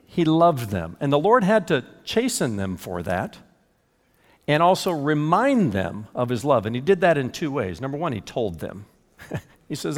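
An older man preaching a sermon as a pastor, emphatic and animated, with chuckles between points. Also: on the high side, moderate pace. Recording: reverberant hall.

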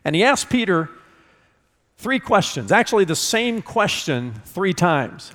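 A man's voice: high voice, big pitch swings, measured pace, a bit bright, in a large hall. A man pastor preaching a sermon in an expository manner, often repeating words for emphasis. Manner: expository, repeats words when stressing a point.

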